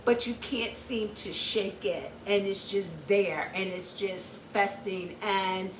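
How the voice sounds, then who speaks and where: Woman, slow deliberate talker, repeats points, recorded from a distance, faint room noise. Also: mid-range voice, steady tone. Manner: repetitive, explaining, with checking "okay?" asides. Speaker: host. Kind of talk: informal educational talk. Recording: echoey room, far from the mic.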